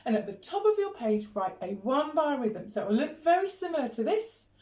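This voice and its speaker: A woman's voice: sits high, sing-song, fairly quick, a little mellow. Woman teaching a music lesson. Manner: encouraging, counts beats and chants rhythm syllables. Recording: echoey room.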